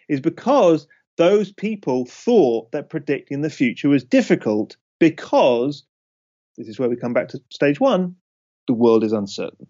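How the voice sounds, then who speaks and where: A man as a podcast guest, explaining ideas in an emphatic, animated way and often checking in with the listener. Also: a little high, normal speed. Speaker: podcast guest, speaker on risk. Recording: dull lo-fi podcast audio.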